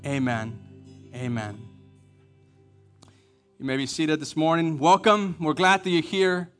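A man's voice: on the high side, moderate pace, fairly bright tone, faint music behind. A man preaching a Mother's Day sermon as pastor, informal and joking, with many fillers. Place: church sanctuary.

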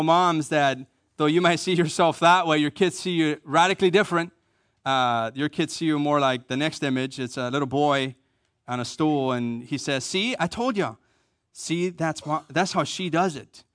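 A man's voice: a little high, fairly bright tone, smooth, dry recording, studio quality. A man preaching a Mother's Day sermon as pastor, informal and joking, with many fillers. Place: church sanctuary.

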